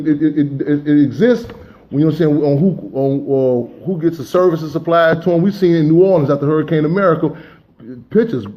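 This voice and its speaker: A man's voice: on the high side, muffled recording. A man hosting a political talk radio show, speaking with passion and often saying "you know what I'm saying".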